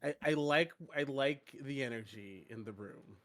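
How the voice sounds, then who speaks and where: A man's voice: mid-range voice, unhurried, fairly bright tone. A man playing a tabletop game, joking around with hesitant fillers. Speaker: player. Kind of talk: casual tabletop play.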